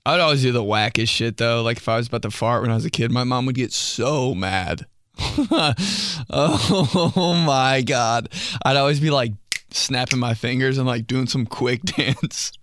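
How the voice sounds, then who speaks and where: A man's voice: medium pitch, measured pace, a bit bright. A young man hosting a comedy podcast, telling goofy stories with sudden outbursts and laughter. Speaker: podcast host.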